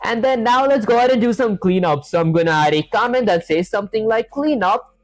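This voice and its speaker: A man's voice: high voice, expressive, fairly quick, no room sound, faint music behind. Chatty male live-streamer, dry sound. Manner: thinks aloud, says "honestly" and "that said" often, filler-heavy; reads viewer chat aloud and answers it. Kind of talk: casual live-stream chat while coding.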